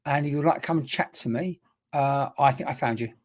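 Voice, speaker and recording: A woman who works as a spiritual medium gives a live-streamed reading in a bass voice, talking a little fast. She is chatty and repetitive, greeting viewers by name with endearments.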